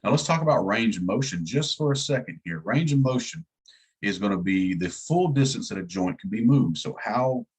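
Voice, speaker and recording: A man's voice: fairly low pitch, expressive, normal speed, slightly rough, rough recording. A man with a slight Southern US twang teaching an EMT class in a casual, folksy way, asking his students to follow along. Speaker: EMT instructor.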